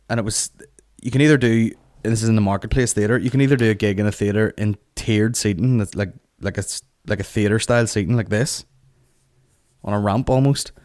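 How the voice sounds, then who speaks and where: A man hosting a comedy podcast, ranting casually, cursing a lot and acting out other people's voices. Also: on the low side. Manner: sweary, animated, acts out people's voices. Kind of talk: casual comic rant.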